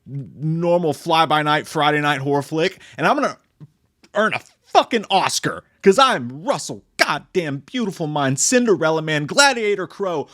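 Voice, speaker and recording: A man putting on a swaggering, foul-mouthed film star who brags at full volume. The voice sits high and punchy, full of bravado. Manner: cocky, loud, profane bravado. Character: boastful, swaggering grown male movie star.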